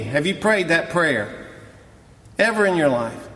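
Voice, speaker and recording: A man preaching a sermon as a pastor, dramatic and emphatic, dropping to hushed tones and rising to loud cries. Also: on the high side, sing-song, a little slow, long pauses, big-room sound.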